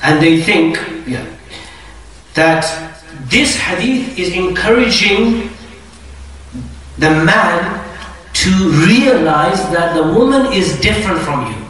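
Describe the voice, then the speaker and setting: Male lecturer, high voice, lively delivery, distant mic in a very echoey hall. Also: takes it slowly, pauses often. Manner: lively, animated explaining with acted-out quotes. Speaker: Islamic lecturer. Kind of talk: lecture to an audience.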